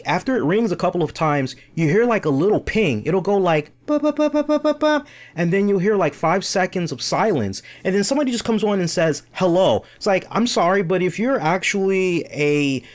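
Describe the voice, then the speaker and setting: A man's voice: sits high, expressive, normal speed. A man hosting a live-streamed talk show, telling an exasperated story full of quoted back-and-forth dialogue. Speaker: show host. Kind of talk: casual storytelling rant to a live stream chat.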